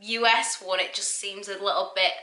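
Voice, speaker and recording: A woman's voice: mid-range voice, steady tone, moderate pace, pushed and bright. A young woman chatting animatedly on a reaction vlog, often interrupting herself. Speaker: YouTuber. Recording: echoey room.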